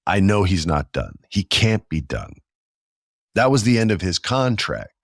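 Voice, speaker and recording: A man in his forties with a low, deep voice, talking through a solo podcast episode. He tells stories with casual enthusiasm and slangy asides. The sound is dry and close, with no room around it. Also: sing-song, measured pace, vocal fry, dry recording. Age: 40s. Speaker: podcast host.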